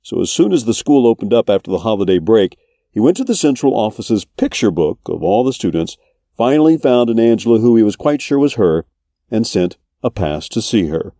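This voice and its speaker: Low, mellow-voiced male podcast host. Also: very animated, fairly quick, no echo, studio quality. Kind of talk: scripted narration.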